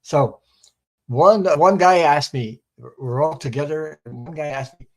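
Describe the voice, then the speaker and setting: A man's voice: on the high side, measured pace, gravelly, a little mellow, low-quality recording. An older man from French Canada, a guest who rambles through funny anecdotes and laughs at his own stories. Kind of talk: casual storytelling chat.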